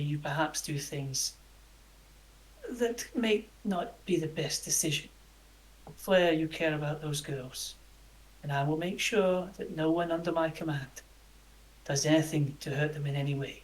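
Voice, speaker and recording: Brief: game master as a steady, measured camp boss in a tabletop game, mid-pitched. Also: lightly acted, poor audio. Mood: solemn. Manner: slow, careful, measured promises.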